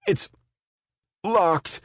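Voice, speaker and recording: A man's voice: very slow, a bit bright, no echo, studio quality. A man voicing a terrified middle-aged male prison guard captain, wailing and pleading for his life. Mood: panicked.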